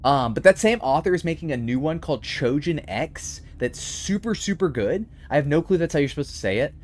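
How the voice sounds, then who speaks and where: A man's voice: a little high, a little fast, slight background noise. A man streaming a game while casually chatting and answering viewers' messages. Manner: chatty, reads and answers chat, animated. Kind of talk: casual live-stream chat.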